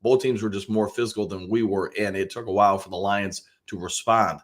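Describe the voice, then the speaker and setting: A Detroit-area man hosts a live football talk show, reading viewer comments and offering his take in a rambling, casual style full of restarts and fillers. He greets viewers by name and stays upbeat. His voice is fairly low and steady, a little fast.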